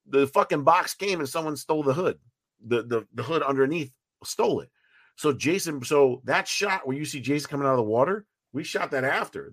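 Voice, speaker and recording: A man, a fan-film writer and producer, talking as a podcast guest in a rambling, profane, animated way, with many restarts. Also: mid-range voice, dry recording, clean studio sound. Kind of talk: casual podcast interview.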